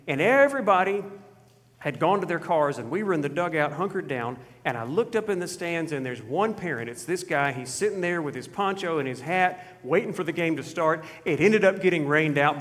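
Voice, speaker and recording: A male pastor preaching a sermon, telling a story and dropping to quiet emphasis on key points. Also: fairly high pitch. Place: church sanctuary. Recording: reverberant church hall.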